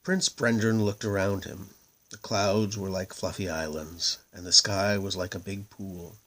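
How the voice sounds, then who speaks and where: A man reading a children's story aloud in a gentle, expressive way. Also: low-pitched, measured pace. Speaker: narrator.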